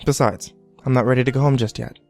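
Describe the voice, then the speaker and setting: A man's voice: mid-range voice, fairly even intonation, fast, creaky, a little mellow, faint music behind, close to an everyday voice. Man reading a reserved, precise husband. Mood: eager. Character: reserved, meticulous husband, naval officer.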